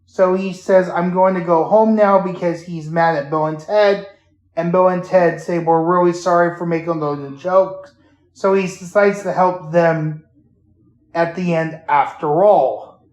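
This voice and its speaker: Slow-talking man in an echoey room. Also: high voice, fairly even intonation, a little mellow, muffled recording. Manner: halting, with many fillers and restarts. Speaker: podcast host. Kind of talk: casual retelling of a theme park show. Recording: roomy echo.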